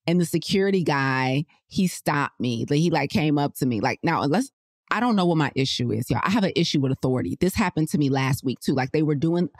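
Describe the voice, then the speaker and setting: A woman hosting a podcast, chatting casually about health and telling animated personal stories straight to her listeners. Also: low-pitched, fairly quick, no room sound, clean studio sound. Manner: chatty, animated storyteller who laughs often; addresses listeners directly in slangy speech. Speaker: podcast host.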